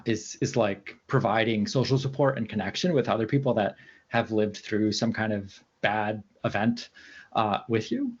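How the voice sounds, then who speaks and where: A man's voice: lowish voice, slightly rough, muffled recording. A man being interviewed as a researcher, talking casually and hesitantly, with lots of fillers and restarts. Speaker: researcher guest.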